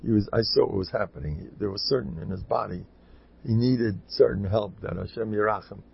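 An older man delivering a loose, story-filled Torah talk. His voice is gravelly and a little husky, and he rambles and repeats himself before breaking into high, loud urging. The recording is dull and lo-fi. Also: fairly quick. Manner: rambling, repetitive, bursts into loud high exhortation. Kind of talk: informal Torah talk with stories.

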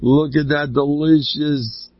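A man giving an informal Torah talk, joking and swinging his pitch up and down, with Yiddish and Hebrew words mixed into his English. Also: fairly even intonation, slow, no echo. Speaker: religious speaker. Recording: dull lo-fi dry recording.

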